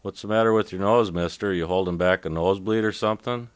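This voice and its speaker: A man's voice: deep voice, steady tone, quick pace, smooth, dry recording, natural voice. Laid-back slangy injured man, read by a man. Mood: curious.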